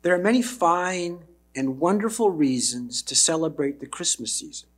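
A man preaching a sermon, slow and emphatic, dropping low on key words. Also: expressive, breathy edge.

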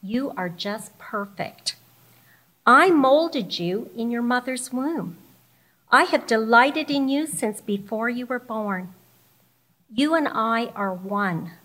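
A woman voicing Jesus as a loving man, speaking slowly in a tender, reassuring way. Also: a little high, animated, a bit bright.

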